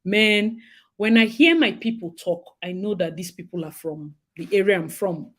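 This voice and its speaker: Animated Nigerian woman from Rivers State. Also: medium pitch, moderate pace. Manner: animated, laughing often, mixing in pidgin. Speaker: host. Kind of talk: casual live chat.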